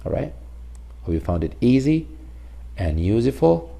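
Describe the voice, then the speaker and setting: A male teacher giving a recorded phonics lesson, explaining slowly and repeating sounds and example words. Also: medium pitch, big pitch swings, gravelly, warm tone.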